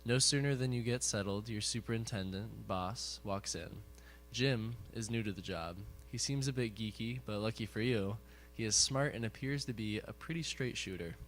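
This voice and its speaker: A man with a fairly low voice reads a prepared passage aloud from the audience. His delivery is steady and careful, with faint noise behind him. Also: normal speed, hardly any pauses. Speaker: audience member reading aloud. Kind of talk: reading a prepared text aloud.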